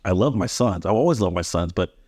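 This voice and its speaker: In a clean studio recording with no room sound, a man in his thirties hosts a podcast with a low, darkish, breathy voice that is expressive and brisk. He chats casually and earnestly, tells anecdotes, and frequently restarts sentences by repeating his opening words.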